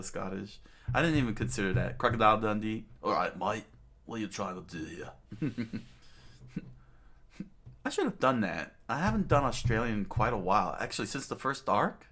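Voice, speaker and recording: A man's voice: lowish voice, a bit bright. A middle-aged man in casual commentary, rambling with many fillers, restarts and asides to the listener as he talks about a comic. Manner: rambling, many fillers and restarts, "you know what I'm saying". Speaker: channel host reading and commenting on manga.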